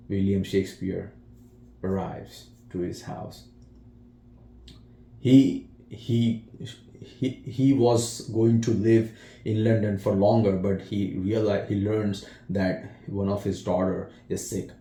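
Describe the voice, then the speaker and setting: A man's voice: lowish voice, warm tone. A man reviewing a film in casual speech, retelling scenes with feeling and many restarts. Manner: slow, emotional retelling with acted quotes and restarts. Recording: echoey room.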